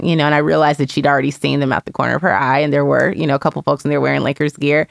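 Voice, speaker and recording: A woman's voice: low voice, level tone, very fast, vocal fry, hardly any pauses, dry recording, clean studio sound. A woman in casual conversation, candidly and reflectively telling a personal story as a mother, with lots of "you know".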